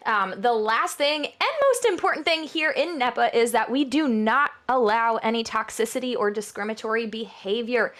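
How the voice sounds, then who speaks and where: A woman's voice: on the high side, a bit bright. A woman from New York casting a live esports match, chatty and bubbly. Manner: bubbly, chatty, laughs often. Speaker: esports caster. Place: broadcast booth.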